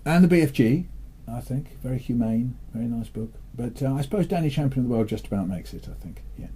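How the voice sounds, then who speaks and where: An older man from England, talking in a relaxed interview with a dry, playful manner and telling jokes with lively delivery. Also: mid-range voice, fast, husky. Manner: dry, playful, animated when storytelling. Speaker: interviewee, children's author.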